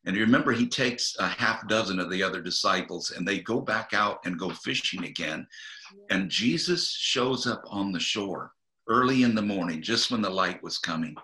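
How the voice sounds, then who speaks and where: A man, a guest minister, earnestly retelling a Bible story in an interview, with halting restarts, and acting out the quotes. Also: fairly low pitch, lively intonation, pushed and bright. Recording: echoey room.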